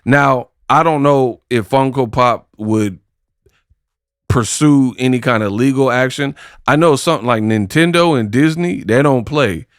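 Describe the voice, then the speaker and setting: A man's voice: medium pitch, a little slow, no echo. Guy ranting about boxing news, lots of rhetorical questions, clean dry voice. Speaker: boxing commentary host. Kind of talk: casual commentary rant.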